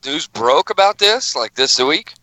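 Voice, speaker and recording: A man's voice: fairly high pitch, sing-song, a little slow, pushed and bright, no echo, poor audio. A man co-hosting a podcast, chatting casually and joking with the host. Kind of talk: casual chat.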